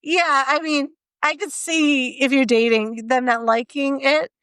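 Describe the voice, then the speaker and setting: A young adult woman co-hosting a podcast, chatting casually and telling stories in an animated way, acting out her own reactions. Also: high-pitched, unhurried, no room sound. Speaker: podcast co-host. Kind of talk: casual chat.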